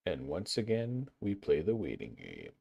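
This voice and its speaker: A man's voice: sits low, huge pitch swings, normal speed, vocal fry, darkish tone, slightly rough, dry recording. A man chatting casually on a livestream while building a game map, playful and talkative as he answers viewer chat.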